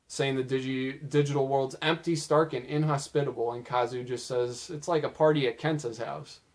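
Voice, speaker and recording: Young man, casual recap host, slightly raised pitch, a little strained voice. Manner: casual, chatty, quoting lines in lively put-on voices. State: losing his voice. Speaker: video host recounting show moments.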